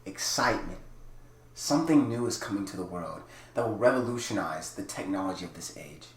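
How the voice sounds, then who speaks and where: A young man doing a grandiose tech pitchman. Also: expressive, fairly quick. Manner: dramatic, overblown keynote delivery. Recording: echoey room.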